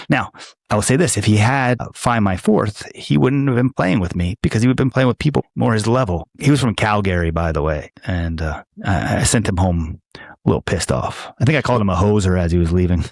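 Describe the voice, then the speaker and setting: A man's voice: fairly low pitch, expressive, a little fast, no echo, clean studio sound. A man co-hosting a podcast, telling rambling jokey stories in casual chat, from the United States. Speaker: podcast co-host.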